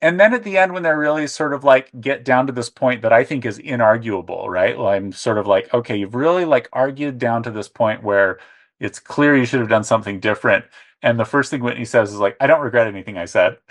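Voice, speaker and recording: A man co-hosting a casual podcast chat, animated and acting out the quotes he tells in exaggerated voices. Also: medium pitch, brisk. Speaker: podcast co-host.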